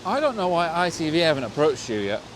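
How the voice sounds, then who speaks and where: A man's voice: fairly high pitch, very animated, fast, background noise. A man filming outdoors, teasing his co-host with short dry questions. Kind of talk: casual banter. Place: outdoors by a race course.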